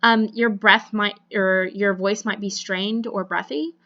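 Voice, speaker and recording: A woman's voice: medium pitch, steady tone, a little slow, bright, forceful tone, highs cut off. Chatty young woman teaching a class. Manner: casual, chatty, many fillers and self-corrections. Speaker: college voice and diction instructor. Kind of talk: recorded online lecture.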